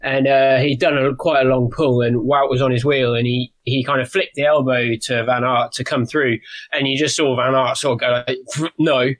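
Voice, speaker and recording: A man from Britain with a British accent, a podcast guest who explains in a wry, measured way. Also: medium pitch, little pitch movement, no echo, poor audio. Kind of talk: casual analytical chat.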